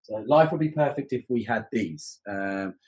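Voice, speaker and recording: A man's voice: mid-range voice, expressive, moderate pace, darkish tone, slightly rough, low-quality recording. A man, a podcast guest who explains exam teaching in a reflective, conversational way.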